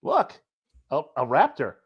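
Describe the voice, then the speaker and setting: A man's voice: medium pitch, wildly swooping pitch, measured pace, slightly rough. A man drops wry one-liners in casual podcast chat. His voice comes through a dull, lo-fi line with little top end. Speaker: podcast co-host.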